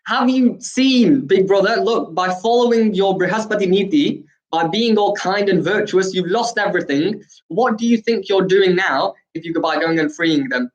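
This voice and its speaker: A man's voice: on the high side, steady tone, a little fast, highs cut off, lightly acted. A man acting out an indignant, mocking warrior while retelling an epic story. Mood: fuming. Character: furious proud warrior man, scornful.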